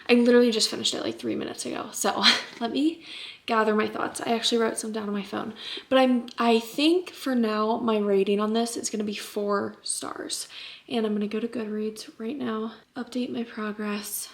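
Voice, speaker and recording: Chatty young woman with a gravelly edge. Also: on the high side. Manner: chatty and giggly, many fillers like "like" and "okay?"; hushed, half-whispered stretches. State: tired. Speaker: book vlogger. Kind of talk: casual vlog chat. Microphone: camera mic.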